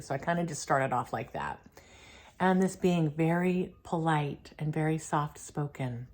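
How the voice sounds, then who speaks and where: Low-voiced chatty woman vlogger. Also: measured pace, darkish tone. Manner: chatty, filler-heavy, laughs often. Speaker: spiritual channeler and vlog host. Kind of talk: casual spiritual vlog.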